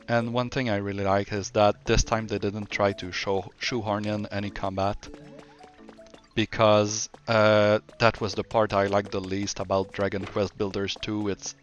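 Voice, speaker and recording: A man with a French-Canadian accent talks through his game world in an unhurried, low voice. He rambles casually and often corrects himself mid-sentence, and soft music plays faintly behind him. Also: lo-fi sound. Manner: relaxed, rambling, self-correcting. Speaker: streamer. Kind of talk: casual game walkthrough commentary.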